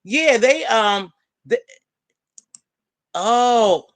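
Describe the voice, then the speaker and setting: A woman hosts a casual live-stream panel and gossips with friends she calls out by name. Her voice jumps between low and high as she talks. The sound is dry and close to the mic. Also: unhurried, no room sound. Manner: animated, talks straight to viewers and friends by name. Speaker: panel host.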